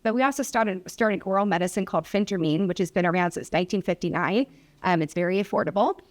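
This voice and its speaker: A woman's voice: medium pitch, quick pace. A woman physician who specializes in obesity, presenting at a public hearing and telling a patient story with acted-out dialogue. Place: hearing room.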